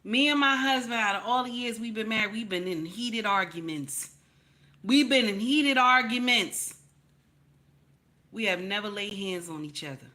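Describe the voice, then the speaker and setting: Her voice is a little high and her pace moderate. She's a commentary channel host giving blunt, swear-filled opinions to camera, preaching, repeating herself for emphasis, climbing into loud outbursts, and frequently calling listeners "baby."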